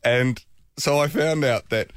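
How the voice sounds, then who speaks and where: A man telling a long anecdote on a talk show, animated and laughing often. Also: medium pitch, a little slow, no echo, clean studio sound. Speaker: podcast guest. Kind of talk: casual storytelling chat.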